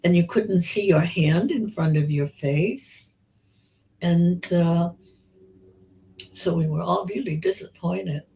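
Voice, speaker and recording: Older woman, 90s, interview guest; slow, halting storyteller, frequent restarts. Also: on the low side, gravelly, dark tone, poor audio. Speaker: Holocaust survivor guest. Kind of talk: recounting memories in an interview.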